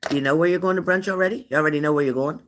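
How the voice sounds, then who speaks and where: A middle-aged man runs a relaxed livestream, reading viewer comments aloud. He talks in a chatty, teasing way and asks the same question twice over. His voice sits a little on the high side for a man. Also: racing, slight background noise. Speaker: livestream host.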